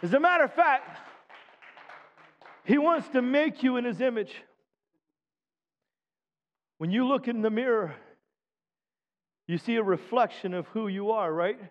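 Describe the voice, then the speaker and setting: A man's voice: extremely high pitch, expressive, a little slow, pauses often. A middle-aged man preaching a sermon as pastor, emphatic and calling out for amens from the congregation. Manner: emphatic preaching with frequent call-outs for amen. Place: church sanctuary. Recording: dull sound with long hall reverb.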